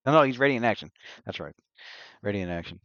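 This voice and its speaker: A man's voice: fairly low pitch, lively intonation, quick pace, a bit bright, no echo, lo-fi sound. A man narrating as game master for an online tabletop game, hesitant and searching for words.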